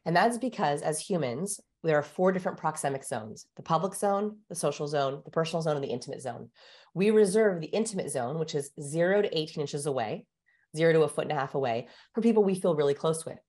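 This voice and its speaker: Woman guest with a fairly low voice, explains things energetically like a teacher. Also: lively intonation, fast, darkish tone. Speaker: guest communication researcher. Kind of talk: explanatory interview talk.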